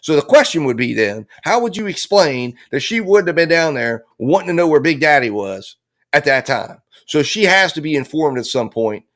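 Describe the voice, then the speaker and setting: A man's voice: a little high, very animated, normal speed, a bit bright. Impassioned man theorizing on a live stream. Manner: impassioned, theorizing, acts out quoted lines. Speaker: true-crime trial commentator.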